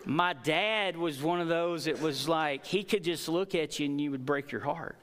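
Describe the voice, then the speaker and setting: A man's voice: on the high side, normal speed. Man preaching a sermon in a big reverberant hall. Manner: swings between hushed storytelling and rising, emphatic preaching.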